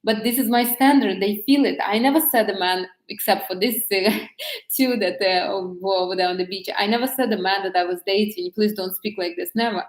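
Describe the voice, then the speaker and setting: A woman's voice: mid-range voice, fairly quick. Frank woman coach in echoey room. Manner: direct, frank, speaking off the cuff with restarts. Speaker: dating and love coach. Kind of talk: casual advice monologue.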